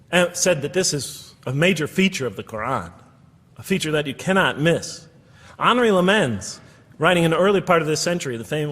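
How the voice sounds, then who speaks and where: A man's voice: a little high, fairly bright tone, breathy edge, big-room sound. A middle-aged man giving a public talk to an audience, earnest as he quotes and tallies references. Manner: earnest, quoting and tallying references. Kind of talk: lecture to an audience.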